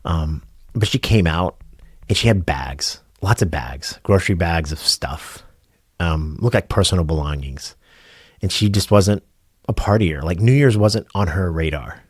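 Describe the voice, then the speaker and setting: A middle-aged man with a deep, low voice talks earnestly to camera about lessons from his work as a driver. He rambles along with fillers and restarts. The sound is dry and close, with no room around it. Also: expressive, unhurried, breathy edge, no echo. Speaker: rideshare driver and channel host. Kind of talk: casual reflective talk to camera.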